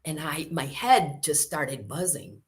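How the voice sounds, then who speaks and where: A woman's voice: low-pitched, slow pace. A woman in her sixties from Chicago, a guest telling stories in a casual interview and acting out the voices she quotes. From Chicago, USA. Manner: animated storyteller who acts out quoted voices.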